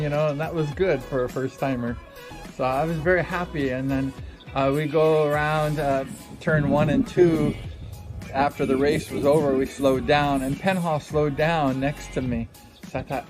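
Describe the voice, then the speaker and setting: A middle-aged man casually telling a story, rambling with many fillers and acting out quotes with sudden high exclamations. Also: moderate pace, over music. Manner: rambling, frequent "you know, like" fillers. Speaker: livestream host telling a racing story.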